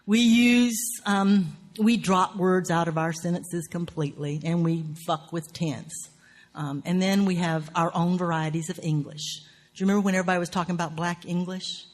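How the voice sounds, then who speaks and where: A woman with a Southern US accent giving a writing workshop lecture in a salty, profane, animated way, laughing often. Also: fairly low pitch, normal speed.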